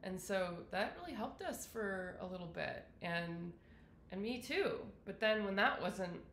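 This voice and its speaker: A woman talks candidly to the camera about her own story, circling back often and correcting herself as she goes. Her voice has a gravelly edge, and the room around her rings with a noticeable echo. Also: medium pitch, animated, unhurried, fairly bright tone, a little hiss or hum. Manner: rambling, frequent self-corrections and fillers. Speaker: wellness vlogger sharing her illness story. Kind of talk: candid personal monologue. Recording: roomy echo.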